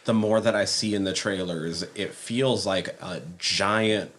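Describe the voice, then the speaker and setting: A man co-hosting a casual movie podcast, giving measured opinions. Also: low-pitched, fairly even intonation, a bit bright. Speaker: podcast co-host. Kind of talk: casual chat.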